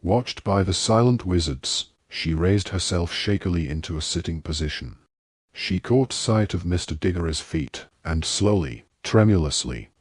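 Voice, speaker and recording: A man narrating an audiobook in measured storytelling. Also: sits low, darkish tone, breathy edge, no echo, studio quality.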